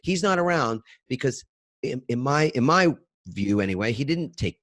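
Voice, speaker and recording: A man's voice: medium pitch, expressive, moderate pace, fairly bright tone, dry recording, clean studio sound. A man hosting an interview podcast, reflective and thinking aloud as he talks. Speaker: podcast host. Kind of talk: conversational interview.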